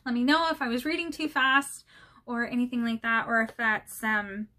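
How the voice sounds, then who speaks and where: A woman's voice: on the high side, normal speed, sharp tone. A woman casually reading a children's novel aloud, friendly and slightly hesitant, apologizing for slips. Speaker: channel host reading aloud.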